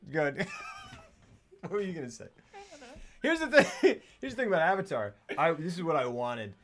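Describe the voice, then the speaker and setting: A man's voice: a little high, sing-song, moderate pace. A man co-hosting a casual film podcast, laughing often and acting out movie scenes in goofy voices. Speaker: podcast co-host. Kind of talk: casual chat.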